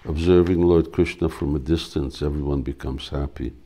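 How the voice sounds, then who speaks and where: A man, a spiritual teacher, reading a devotional play aloud with measured, steady narration. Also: very deep voice, slightly rough.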